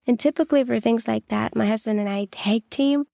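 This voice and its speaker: A woman's voice: a little high, fairly quick, gravelly, mellow, no echo, clean studio sound. A woman in her thirties hosting a podcast, telling personal stories in a candid, reassuring way, with a lot of "like" in her talk. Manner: candid, reassuring, with many "like" fillers. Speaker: podcast host.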